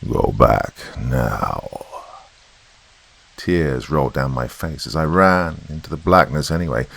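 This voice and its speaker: A man narrates a horror tale in a slow, brooding way. His voice is extremely deep and gravelly, with a husky texture. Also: fairly bright tone.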